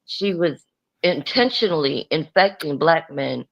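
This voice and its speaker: A woman's voice: low-pitched, lively intonation, unhurried, gravelly, poor audio. A woman speaking as an activist guest on a live-stream chat, outspoken and unapologetic.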